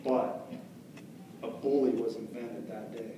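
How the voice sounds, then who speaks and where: A man's voice: medium pitch, steady tone, takes it slowly. A man telling a story live to a crowd of kids, chatty and asking them questions. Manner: chatty, asks the audience questions. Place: storytelling festival hall. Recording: echoey hall from far off, noisy.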